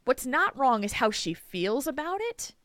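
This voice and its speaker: A woman hosting a podcast, telling a story in an animated, emphatic way and laughing often. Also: high voice, a little slow, dry recording. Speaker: podcast host. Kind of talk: casual chat, storytelling.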